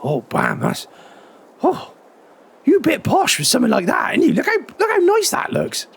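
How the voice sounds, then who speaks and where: A man voicing a cheerful, chatty male farmer neighbour in a game roleplay, with a raspy, wobbly voice full of admiring "oh"s. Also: very high-pitched, huge pitch swings, moderate pace, pitched above the performer's own voice, exaggerated voice. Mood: impressed. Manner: friendly, impressed, lots of "oh"s.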